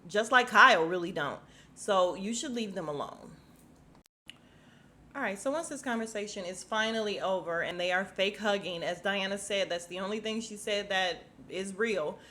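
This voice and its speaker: A woman's voice: medium pitch, normal speed, sharp tone, a little hiss or hum. A young adult woman hosting a casual podcast, recapping reality TV bluntly, swearing freely and acting out the cast's lines. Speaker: podcast host.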